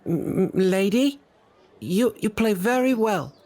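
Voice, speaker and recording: A man's voice: lively intonation, takes it slowly, mellow, exaggerated voice. A man doing a shy stammering little boy. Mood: timid. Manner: stammering, high and childlike.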